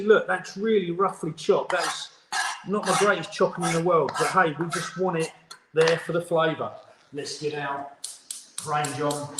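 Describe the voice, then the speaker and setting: Brief: man, 50s, head chef hosting a live cookalong, upbeat and instructive, kitchen with faint background noise. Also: on the high side. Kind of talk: live cooking demonstration. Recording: echoey room with faint noise.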